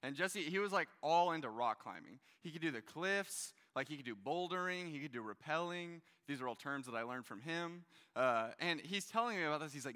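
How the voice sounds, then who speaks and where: A young man in his twenties telling a story in a casual, animated way during a sermon to a young adult crowd. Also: on the high side, brisk, few pauses. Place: large hall with a stage. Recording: long hall reverb.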